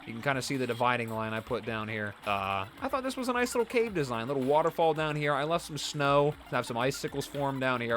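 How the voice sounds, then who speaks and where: A man hosting a video game let's play, giving casual, self-deprecating commentary in an animated, jokey way. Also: on the high side, slight background noise.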